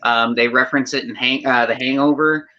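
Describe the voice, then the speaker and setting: Excitable rambling man on a dull line. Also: medium pitch, brisk. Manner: excitable, rambling, apologizes for ranting. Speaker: panel guest. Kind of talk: casual livestream chat. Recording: dull lo-fi audio.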